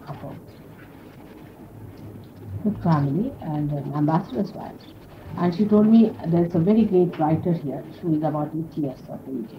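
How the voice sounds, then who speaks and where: A woman spiritual teacher giving an informal, conversational talk to followers, explaining her points with frequent asides. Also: lowish voice. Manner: conversational, explanatory, sprinkled with "you see". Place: indoor gathering. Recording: dull lo-fi 1970s archive tape with faint hiss.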